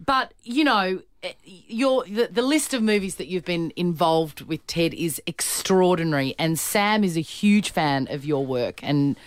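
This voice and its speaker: A woman's voice: lowish voice, measured pace, dry recording. A woman co-hosting breakfast radio, chatting upbeat and plugging a screening to the guest. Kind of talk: radio interview banter.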